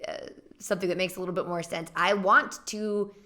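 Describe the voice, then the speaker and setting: A woman's voice: lowish voice, steady tone, fairly quick, sharp tone. A young woman co-hosting a candid chat, thinking aloud and asking probing questions. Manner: reflective, probing questions, many restarts. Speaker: co-host.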